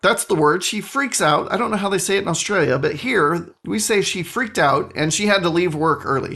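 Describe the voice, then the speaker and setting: A man hosting a solo podcast, telling a story in an animated, self-mocking way into a studio microphone. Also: high-pitched. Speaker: podcast host.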